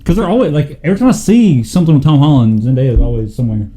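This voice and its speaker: A man co-hosting a casual podcast chat, playful and teasing, throwing in quick jokes. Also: on the high side, mellow, a little hiss or hum. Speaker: podcast co-host.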